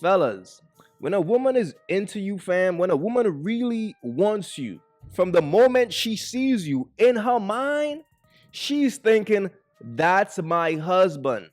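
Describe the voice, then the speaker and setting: A man's voice: high-pitched, expressive, a little slow, darkish tone. A man giving blunt reaction commentary on a clip, lecturing his listeners as "bro" and "fellas" with faint music behind him.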